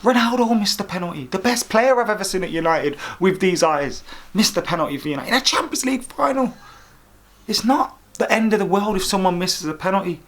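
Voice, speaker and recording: A man's voice: sits high, animated, fairly quick, a bit bright. A man hosting a football fan vlog, giving opinionated commentary in an exasperated, sarcastic rant. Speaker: football fan vlogger host.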